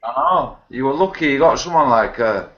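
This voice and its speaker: A man in casual, animated banter. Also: medium pitch, moderate pace. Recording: dull lo-fi recording.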